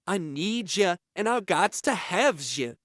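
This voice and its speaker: A man voicing an obsessive, menacing male inmate who drawls slowly and drops his grammar. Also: sits high, animated, fairly bright tone, no room sound, studio quality. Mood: leering. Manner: slow drawling voice with dropped grammar.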